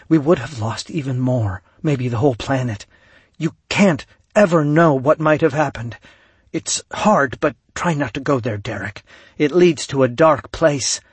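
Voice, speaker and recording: A man's voice: medium pitch, normal speed, husky, dry recording, pitched above the performer's own voice. A man voicing a tender, telepathic young woman in an audiobook, speaking earnestly and reassuringly in a raised voice.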